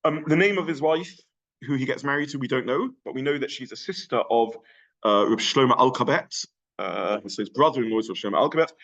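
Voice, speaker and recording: A middle-aged man giving an adult education lecture, thoughtful and pausing with many fillers and restarts. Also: mid-range voice, fairly bright tone, highs cut off.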